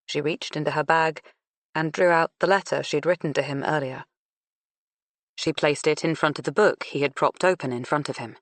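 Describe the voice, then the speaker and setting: A woman narrating an audiobook in a measured, unhurried reading. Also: low voice, no echo. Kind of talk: scripted narration.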